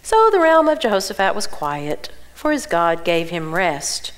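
A woman's voice: on the low side, unhurried. A woman with a Southern US accent, teaching the Bible to a women's conference and asking the audience questions. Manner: animated, asks the audience questions. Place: church auditorium.

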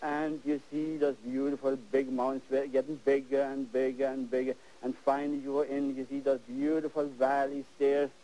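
An older man hosting a TV painting lesson, exuberant and animated, repeating words as he works, on worn 1980s videotape audio. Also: medium pitch, normal speed, hardly any pauses, low-quality recording. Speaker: painting show host.

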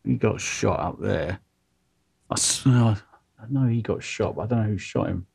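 A man's voice: lowish voice, moderate pace, creaky, darkish tone, slightly rough. An Australian man playing a tabletop game, muttering and trailing off as he thinks aloud. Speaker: player. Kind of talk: casual tabletop game chat.

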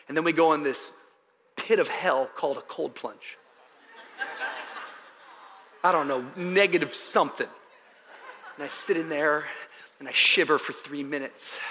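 A man in his thirties preaching a sermon to a congregation, swinging between casual storytelling with slang and loud, shouted exhortation. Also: on the high side. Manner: animated preaching, rising to shouts. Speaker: pastor. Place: large church auditorium with congregation. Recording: live church hall reverb, crowd.

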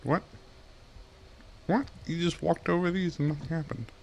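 A man's voice: on the high side, steady tone, moderate pace, creaky, slight background noise. A young man giving casual gameplay commentary, giggling and swearing at himself. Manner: giggly, self-mocking, swears often. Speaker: gaming YouTuber.

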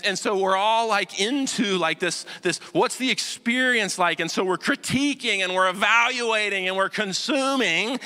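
A male pastor delivers a conversational sermon in a church sanctuary, his fairly high, bright voice ringing with a long hall reverb. He keeps checking in with the congregation and swings between animated, loud passages and hushed, almost whispered ones. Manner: conversational preaching with rhetorical check-ins.

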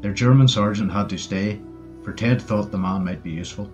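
A man narrating a war story audiobook in a steady storytelling manner. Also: fairly low pitch, brisk. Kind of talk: scripted narration. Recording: dull lo-fi audio with faint music.

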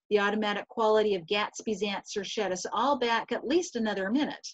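Teacher reading aloud on a video call. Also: female voice, mid-range voice, a little fast, no echo. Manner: steady reading with small slips and restarts. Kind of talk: reading a novel passage aloud, then teaching. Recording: dull, lo-fi video call audio.

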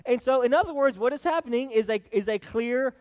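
This Southern US pastor has an extremely high but darkish voice and talks fairly quickly, his words trailing off in a long reverb through the sanctuary. His folksy sermon is full of restarted phrases and repeated "all right?" tag questions.

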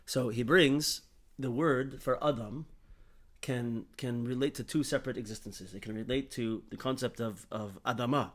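Middle-pitched man teaching Torah. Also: normal speed. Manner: animated, explaining with many restarts. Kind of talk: Torah study discussion.

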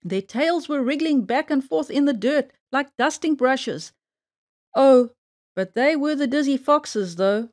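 A woman reading a children's story aloud in a playful, expressive storytelling manner. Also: high-pitched, a little slow, few pauses.

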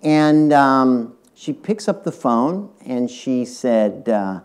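A man's voice: medium pitch, animated, takes it slowly, a little mellow, clear, resonant tone. An older man, a retired tech executive, tells a business anecdote to a university audience, speaking straight to the listeners. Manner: anecdotal, addresses the audience directly. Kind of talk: storytelling public talk. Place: university lecture hall.

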